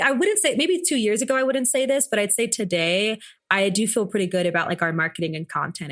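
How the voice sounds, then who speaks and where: A woman's voice: lowish voice, a bit bright. A woman in her thirties, a business founder talking as a podcast guest in a chatty, playful way with plenty of fillers. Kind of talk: casual interview chat.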